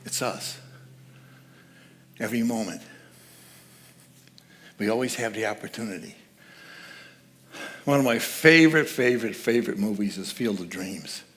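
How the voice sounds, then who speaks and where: A man's voice: lowish voice, fairly bright tone. A man speaking as guest speaker at a church service, giving a conversational, joking sermon and laughing at his own asides.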